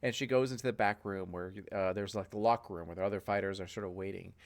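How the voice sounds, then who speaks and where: A man's voice: low voice, fairly even intonation, fast. Rambling male game master. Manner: rambling, full of fillers. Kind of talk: narrating a tabletop game.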